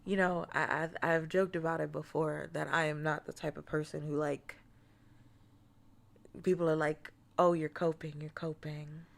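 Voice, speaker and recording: Woman streamer, lowish gravelly voice, loose and laughing, mock-annoyed commentary. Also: flat delivery, normal speed. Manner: laughs often, playfully exasperated, dips to whispers. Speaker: streamer hosting a watch-along.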